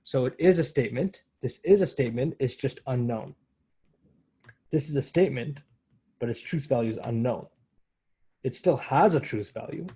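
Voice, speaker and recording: Mellow, husky-voiced male math lecturer. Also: mid-range voice, animated, moderate pace, pauses often. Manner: conversational, self-correcting, explains step by step. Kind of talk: university lecture.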